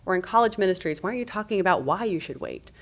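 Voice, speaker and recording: A woman in her thirties, a guest on a parenting podcast, telling stories in a lively way and acting out what people said. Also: medium pitch, very fast. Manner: animated, acts out quoted speech. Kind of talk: conversational podcast storytelling.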